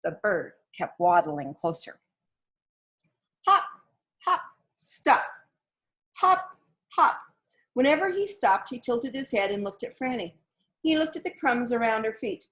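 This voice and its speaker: Woman reading a picture book aloud, gentle and expressive. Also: fairly high pitch, normal speed. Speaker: storybook reader. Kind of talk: storybook read-aloud.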